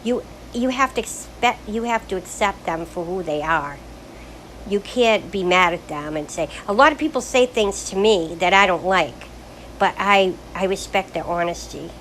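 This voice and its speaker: A woman's voice: lowish voice, fairly bright tone, a little hiss or hum, low-quality recording. An older woman talking frankly in a rambling, casual monologue about her life, full of restarts. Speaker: grandmother sharing life stories.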